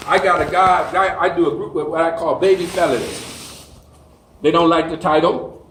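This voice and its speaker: A man's voice: fairly high pitch, fairly even intonation, moderate pace, a bit bright, far from the mic, a little hiss or hum. A man in his sixties, a group counselor, giving a talk to an audience in a folksy, preacher-like storytelling way. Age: 60s. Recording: echoey hall, voice heard from afar.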